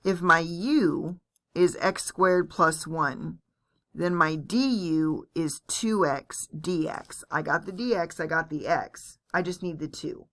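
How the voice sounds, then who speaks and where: A woman's voice: deep voice, slow pace, a bit bright. Chatty woman teaching calculus. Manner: chatty, self-deprecating, walks through steps aloud. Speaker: math teacher. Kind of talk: recorded calculus lecture.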